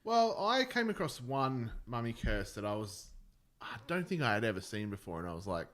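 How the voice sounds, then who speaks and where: Bright-voiced man, chatty co-host. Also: medium pitch, big pitch swings, normal speed. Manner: storytelling, laughs a lot. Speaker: podcast co-host. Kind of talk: casual chat.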